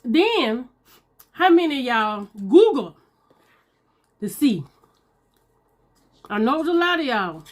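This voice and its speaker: Casting: woman, mukbang vlogger, lively up-and-down voice, chatty and casual, a bit high. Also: slow pace, pauses often. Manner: chatty, talks to viewers as y'all, Southern US slang. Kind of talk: casual chat while eating.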